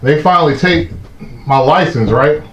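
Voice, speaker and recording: A man, hosting a live stream and telling a story in a casual, animated way, swearing often and acting out the shouting cops. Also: a little high, normal speed. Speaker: host of a live stream talk show. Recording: echoey muffled room sound.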